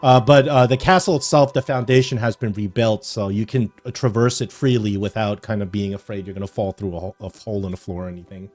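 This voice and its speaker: A man's voice: fairly low pitch, fast, hardly any pauses, a little mellow, faint music behind. A man narrating a tabletop game as game master, rambling through scenes with fillers and restarts.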